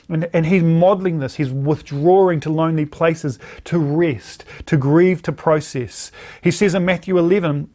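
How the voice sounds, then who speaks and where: A man's voice: fairly high pitch, normal speed, dark tone. A man giving an earnest, reflective teaching sermon as a pastor.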